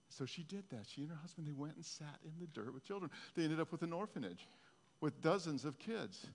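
A male pastor giving a conversational sermon, his intensity swinging from soft to loud. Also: a little high, expressive, brisk, long reverb tail. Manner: conversational preaching, rising and falling in intensity.

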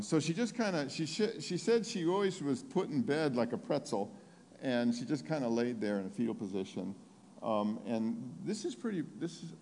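A man preaching a sermon, telling a story with lots of restarts, growing animated and excited as he retells it. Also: fairly low pitch, slight background noise. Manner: animated, rising to excited near-shouting while retelling. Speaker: pastor. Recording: long hall reverb.

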